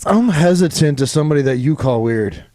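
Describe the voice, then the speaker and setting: A man co-hosting a casual chat, tossing in dry wisecracks and quick questions. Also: fairly high pitch, expressive, dark tone. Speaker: podcast co-host.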